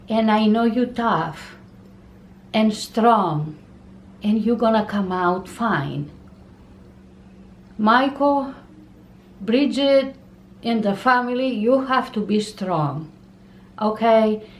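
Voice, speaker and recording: Slow, halting woman in a roomy space. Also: mid-range voice. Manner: halting, repeats words, slow and heartfelt. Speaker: YouTuber's mother. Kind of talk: emotional casual talk to camera. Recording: roomy with faint background noise.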